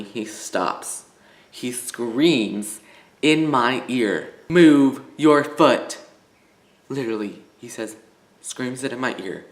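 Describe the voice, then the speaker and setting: A teenage boy from Illinois chats through a casual vlog, his voice sitting a little low and full of "like" and restarts. The room around him gives his voice a noticeable echo. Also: a bit bright. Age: teens. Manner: rambling, filler-heavy, full of "like". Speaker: vlogger.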